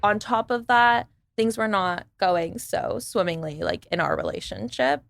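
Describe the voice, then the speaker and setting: A woman guest on a podcast, casually telling a dating story in an animated way, acting out what others said and using lots of "like". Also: medium pitch, measured pace, creaky, no room sound.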